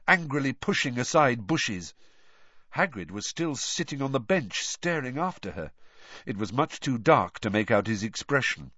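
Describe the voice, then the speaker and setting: Husky-voiced male storybook narrator. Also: medium pitch, no echo. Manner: measured, expressive reading. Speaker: audiobook narrator. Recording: dull lo-fi, dry.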